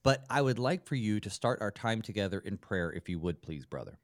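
A man's voice: on the low side, animated, fairly quick, dry recording. A man, a pastor, hosting a radio Bible study show and chatting with fillers and restarts.

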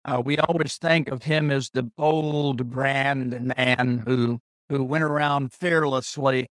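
A man teaching through a Bible passage verse by verse, deliberate and pausing, repeating key phrases for emphasis. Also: medium pitch, steady tone, fairly bright tone, no room sound, clean studio sound. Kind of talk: slow expository Bible teaching.

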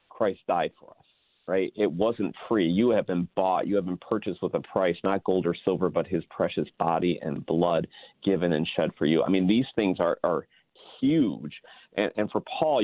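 A man's voice: sits low, no room sound. A male pastor explaining scripture earnestly in a casual discussion, with many fillers. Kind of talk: casual Bible study discussion. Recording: tinny phone-like line.

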